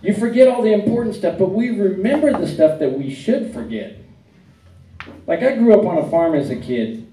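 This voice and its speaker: A middle-aged man from Arizona performing a stand-up comedy set, telling stories deadpan and chuckling at his own jokes. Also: sits high, moderate pace, a little hiss or hum. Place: comedy club stage. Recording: echoey club heard from a distance.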